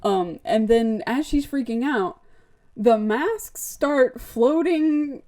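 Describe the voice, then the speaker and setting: A woman on a podcast, recapping a show with lots of "like" and little acted-out quotes. Her voice is mellow and warm, never sharp, and she tells the story with lively, casual energy. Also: on the high side, takes it slowly. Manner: animated storyteller, acts out the lines, says like often. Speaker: podcast co-host. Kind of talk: casual chat, retelling an episode.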